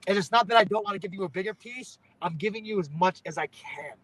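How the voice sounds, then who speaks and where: In poor audio with no room sound, a young man talks fast in a high, fairly bright voice. He's a pro wrestler in a casual interview, rambling along and ending thoughts with "you know what I'm saying."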